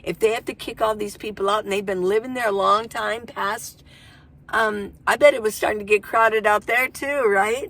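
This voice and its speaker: A woman's voice: mid-range voice, a bit bright. An older woman vlogging about van life, chatting casually and telling stories in a folksy way. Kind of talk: casual chat to camera.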